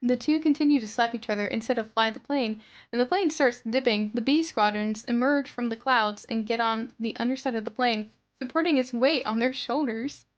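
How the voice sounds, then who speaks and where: A woman's voice: a little high, normal speed, dull audio. A woman streamer reading a film script aloud, narrating stage directions with small slips.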